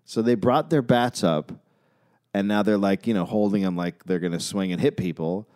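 A man co-hosting a comedy history podcast, narrating a story in a deadpan way with jokey asides. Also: on the low side, normal speed.

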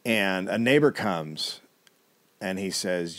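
A man's voice: lowish voice, lively intonation, normal speed. A man co-hosting a comedy podcast, telling a history story casually with wry asides and the odd swear.

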